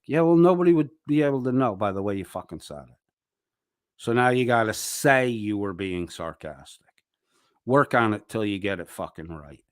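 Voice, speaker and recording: A man's voice: lowish voice, lively intonation, normal speed, smooth, no echo, studio quality. A man hosting a reaction commentary, ranting angrily and mocking with heavy swearing. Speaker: commentary channel host.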